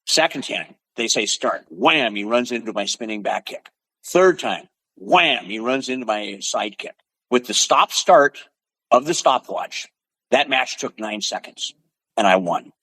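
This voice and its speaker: Older man, from the Pacific Northwest, lively storyteller, sound-effect punches, dry close sound. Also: mid-range voice, a little slow, no echo, poor audio. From Pacific Northwest, USA. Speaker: podcast guest. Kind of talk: storytelling in conversation.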